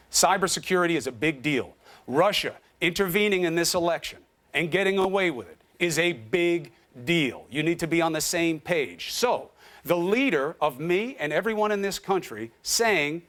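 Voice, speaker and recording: Middle-aged news anchor guy, keeps pushing with questions, pretty high voice for a man. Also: fairly bright tone. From United States. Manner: pressing, persistent questioning. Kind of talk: heated TV interview debate.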